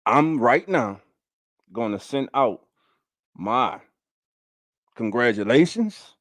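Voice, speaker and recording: A man hosts a casual livestream from a home setup, speaking with a mid-range voice. He hammers his points by repeating them and greets viewers in the chat. The sound is dry and close, with no room echo. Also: mid-range voice. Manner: emphatic, repeats key lines; hands out shout-outs to chat. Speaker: fan show host.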